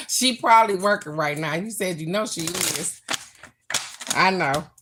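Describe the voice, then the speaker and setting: A middle-aged woman with a somewhat low voice hosts a relaxed card reading for her online viewers. She talks straight to them in a blunt, affectionate, chatty way. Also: background noise. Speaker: oracle card reader. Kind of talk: casual live-stream card reading.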